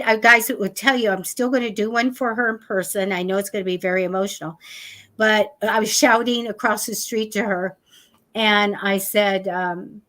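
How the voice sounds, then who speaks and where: A woman hosting a live psychic talk show, chatting casually and acting out what people said. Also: medium pitch. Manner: animated, chatty, acts out quotes.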